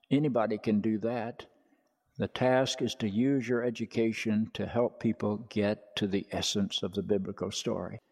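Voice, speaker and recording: A clergyman addressing an audience, answering questions in a forceful, emphatic manner and repeating key phrases for effect. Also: mid-range voice. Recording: long hall reverb.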